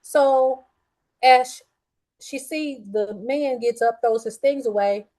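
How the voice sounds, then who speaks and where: A middle-aged woman hosting a show, telling a story in a casual, blunt and profane way with lively swings in her voice. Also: sits high, slow pace, rough recording. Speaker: podcast host.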